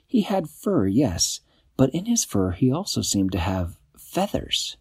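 A man improvising a bedtime story for a child, in an animated, playful way. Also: medium pitch, husky, no echo.

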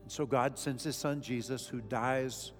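A man's voice: medium pitch, fairly even intonation, a little slow. Man preaching in a reverberant hall. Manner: dramatic swings from loud emphasis to hushed. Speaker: pastor. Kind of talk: sermon. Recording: echoey hall with faint music.

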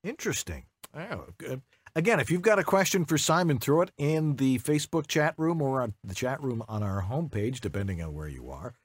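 A man's voice: medium pitch, lively intonation, a little fast, breathy edge. A male host asks questions in a loose, conversational way, often restarting his sentences. His voice sounds close and dry, with no room echo. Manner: casual, conversational, with repeated starts. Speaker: podcast host. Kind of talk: live interview.

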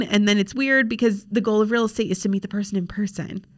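Talking fast with few pauses, this young female podcast host speaks in a fairly high voice. She's a social media coach recording at a home desk with a laptop, and her manner is chatty and frank, full of fillers.

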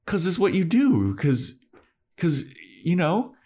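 A man's voice: deep voice, steady tone, moderate pace, darkish tone. A man voicing a defiant, pleading vampire in a casual recap impression. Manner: pleading, blunt, cursing.

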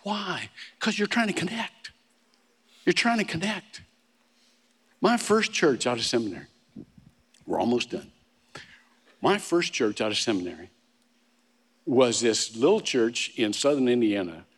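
A man pastor preaching a sermon, telling stories in a conversational way with frequent restarts and humorous asides. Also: medium pitch. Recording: long reverb of a large hall.

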